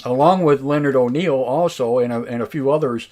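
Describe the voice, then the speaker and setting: A man hosting a live online radio show, talking in a halting, casual way with many fillers and restarts, his voice a bit raspy tonight. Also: mid-range voice, a little mellow. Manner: slow, drawn-out talk. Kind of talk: casual live-stream talk.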